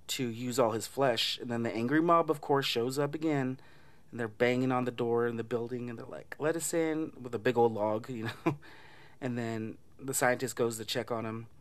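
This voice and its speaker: A man casually retelling a movie plot, chatty and laughing often, swearing and mimicking lines from the film. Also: mid-range voice. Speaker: movie recap vlogger.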